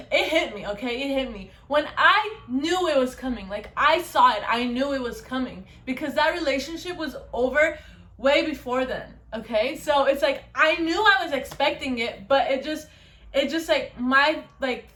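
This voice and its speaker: High-voiced young woman vlogging casually. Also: bright, forceful tone. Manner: chatty, repeats "you guys" and "okay". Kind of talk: casual talk to camera.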